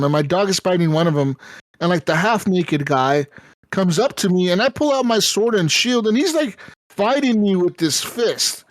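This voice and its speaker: Man, podcast co-host, casual chat, animated storyteller, frequent swearing, fairly high voice, dry sound. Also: dry recording.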